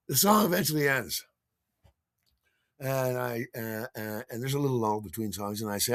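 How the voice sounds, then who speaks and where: A man's voice: mid-range voice, normal speed, dry recording, studio quality. A man telling a personal story in an enthusiastic, theatrical way as a podcast host, scatting rhythms along the way.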